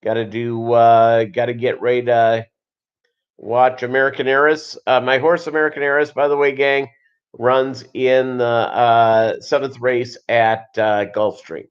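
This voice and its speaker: A man's voice: medium pitch, flat delivery, measured pace, clean tone, lo-fi sound. A man hosting a casual livestream chat, rambling and jokey, with lots of fillers. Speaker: show host.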